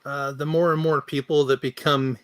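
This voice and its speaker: Bright-voiced man on a dry mic. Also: fairly high pitch, little pitch movement, normal speed, smooth, dry recording. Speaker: podcast co-host. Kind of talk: casual panel chat.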